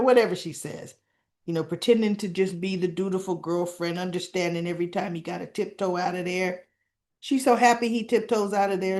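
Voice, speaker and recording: A woman hosting a soap opera recap, talking casually and with strong opinions, acting out the characters' lines in quick quotes. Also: lowish voice, darkish tone. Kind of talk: casual chat.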